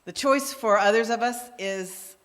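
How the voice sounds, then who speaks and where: A woman minister preaches a sermon in a church sanctuary, telling stories conversationally and acting out the voices of people she quotes. Her medium-pitched voice moves at a measured pace, carried by the long reverb of a church hall.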